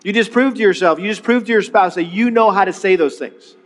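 A man's voice: high-pitched, fairly quick. A middle-aged man preaching a sermon in a conversational way, asking rhetorical questions and leading the congregation to repeat phrases after him. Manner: leads the congregation in call-and-response repetition. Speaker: pastor. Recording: long reverb of a large hall.

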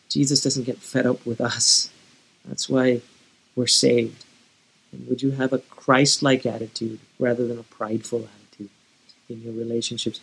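A male pastor delivers a sermon in an earnest, pleading way, stumbling and restarting his phrases as he goes. His voice is husky and a little breathy, sitting at an ordinary middle pitch. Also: normal speed, poor audio.

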